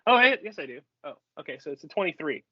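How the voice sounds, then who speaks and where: A man's voice: on the high side, very animated, fast talker, crowd noise. A man chatting casually as an eager, giggly player in a tabletop game. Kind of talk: casual chat. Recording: dry, dull lo-fi recording.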